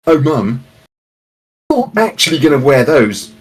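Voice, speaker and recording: A man's voice: a little high, sing-song, measured pace, husky, heavily acted. A man voicing a young male student who teases and guilt-trips his mother. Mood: needling. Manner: teasing, guilt-tripping.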